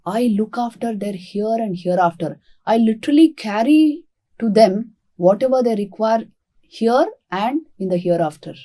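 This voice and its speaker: A woman, a monastic teacher giving a spiritual talk and calmly telling a devotional story. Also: fairly high pitch, moderate pace. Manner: calm, expressive storytelling.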